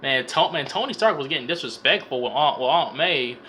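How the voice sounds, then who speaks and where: A young man with a bright, forceful voice rambles through a casual film recap, full of slang and swearing. He stumbles and repeats words as he talks, at a middle pitch for a man. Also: expressive, brisk, slight background noise. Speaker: vlogger reviewing a film. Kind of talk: casual profane comedic movie recap.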